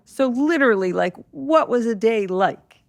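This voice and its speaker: A woman's voice: a little high, lively intonation, normal speed, gravelly, no room sound. A woman hosting a live podcast interview, asking short questions with wry asides. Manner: brief wry asides and questions, laughs often. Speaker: podcast host.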